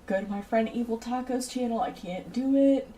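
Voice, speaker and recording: A woman with a fairly high, dark-toned voice chats casually on a livestream at normal speed, wandering off on tangents and addressing her viewers directly. The low-quality recording sounds distant, with slight background noise.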